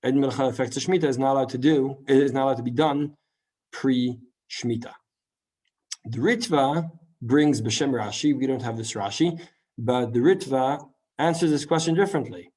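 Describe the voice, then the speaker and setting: A man teaching a Talmud class in a lively lecture style, full of rhetorical questions and quick asides. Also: medium pitch. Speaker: Torah teacher.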